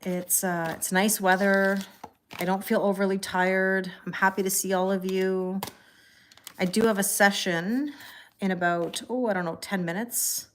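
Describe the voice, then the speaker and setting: A woman hosting a tarot livestream in a calm, chatty way, reading viewer comments aloud and thanking people by name. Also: mid-range voice, a little slow, a little hiss or hum. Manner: calm and relaxed. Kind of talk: casual livestream chat.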